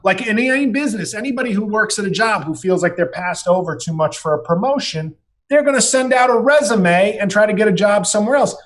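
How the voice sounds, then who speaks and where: A man's voice: high voice, expressive, brisk. A man guesting on a podcast as a comedian, telling rambling, profane, self-mocking stories in casual chat.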